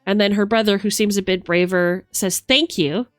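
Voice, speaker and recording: A woman's voice: medium pitch, flat delivery, fairly quick, clean tone, dry recording, clean studio sound, faint music behind. A woman running a tabletop game, narrating scenes in a chatty, descriptive way with many fillers. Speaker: game master.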